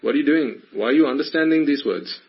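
A man's voice: on the high side, quick pace, slightly rough, lo-fi sound. A man giving a Buddhist teaching to a small group, questioning his listeners in a playful, probing way. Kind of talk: Dhamma talk to a small group.

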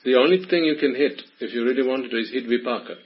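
A man's voice: medium pitch, fast, slightly rough, highs cut off. A man giving a Buddhist teaching to a small group, questioning his listeners in a playful, probing way. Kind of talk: Dhamma talk to a small group.

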